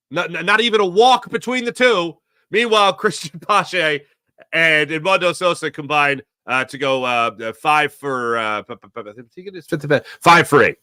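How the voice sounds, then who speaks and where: A man with a high, bright, forceful voice rambles excitedly as he talks sports on his podcast. He speaks close to the mic in a dry room with no echo, full of a fan's enthusiasm. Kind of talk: casual sports commentary.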